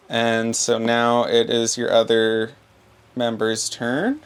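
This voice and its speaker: A man running a tabletop game as game master, narrating in an unhurried, laid-back way with fillers. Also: medium pitch, fairly even intonation, clear, resonant tone.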